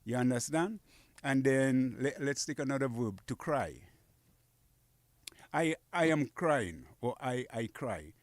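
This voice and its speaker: A man with a medium-pitched voice and lively intonation teaches Kokoy dialect phrases on a radio show, speaking a little slowly. The casual lesson happens in a radio studio with no room sound, and he patiently repeats every phrase.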